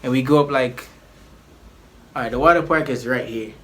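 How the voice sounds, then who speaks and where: A man at a middle pitch tells a personal story to his channel. He rambles in loose slang and restarts often. It is relaxed storytime vlog talk. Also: normal speed. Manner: animated, acts out the people in his story.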